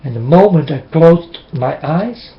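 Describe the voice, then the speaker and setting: A man speaks slowly and haltingly, telling a personal religious testimony in earnest, English. His voice sits a little high. It is recorded on a webcam with a roomy echo and a dull, muffled sound. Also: animated. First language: Dutch. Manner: halting, earnest, non-native phrasing.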